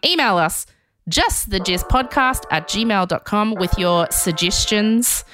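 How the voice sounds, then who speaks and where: A woman's voice: medium pitch, expressive, fairly bright tone, faint music behind. Playful woman co-hosting a podcast. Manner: playful, chatty, quick to react. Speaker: podcast co-host. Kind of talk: casual chat.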